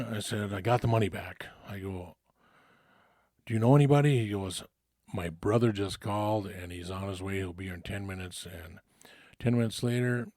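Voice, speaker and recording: Low-voiced man telling a rambling story. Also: a little mellow, dry recording, clean studio sound. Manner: rambling, profane, many fillers and restarts. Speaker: storyteller recounting his past. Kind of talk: casual spoken storytelling.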